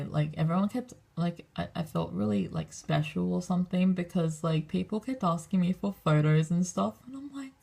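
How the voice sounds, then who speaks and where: This is a young woman, chatting casually to camera in a vlog. Her voice sits low and has a husky, raspy edge, with some gravelly fry at the ends of her phrases. She rambles and swears freely, acting out the lines of everyone in her story. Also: darkish tone. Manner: rambling, swears a lot, acts out quotes. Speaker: vlogger.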